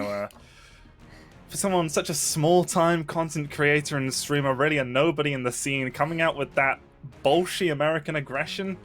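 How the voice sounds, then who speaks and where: A man's voice: a little high, a bit bright. Dry, teasing male esports caster. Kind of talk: live tournament commentary.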